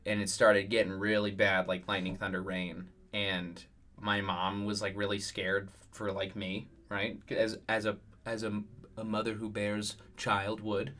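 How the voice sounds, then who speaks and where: A man's voice: lowish voice, monotone, a little slow, sharp tone. A young man co-hosting a podcast, telling a childhood story in casual chat, often stopping to correct himself. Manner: rambling, self-correcting storyteller. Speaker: podcast co-host.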